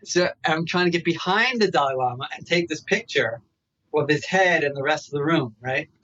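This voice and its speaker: A man telling a story as a meditation researcher guest in a podcast interview. He talks in an animated way and keeps tagging his asides with "right?". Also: on the high side, normal speed, no room sound, highs cut off.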